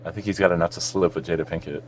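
A man's voice: low-pitched, fairly even intonation, rapid-fire, a little mellow, slight background noise. A man from South Florida co-hosting a podcast, joking around and swearing freely in casual banter. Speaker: podcast co-host.

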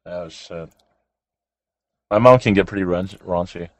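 A man's voice: low-pitched, a little slow, dry recording. A young adult man co-hosting a casual podcast chat, crude and joking and laughing often. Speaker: podcast co-host.

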